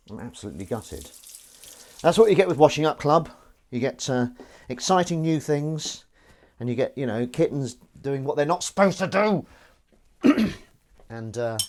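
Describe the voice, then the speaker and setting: A man live streams from his kitchen sink while washing up, delivering a chatty, jokey, self-aware rambling monologue. His voice is medium-pitched with a darkish tone, and dishes and cutlery clatter in the background.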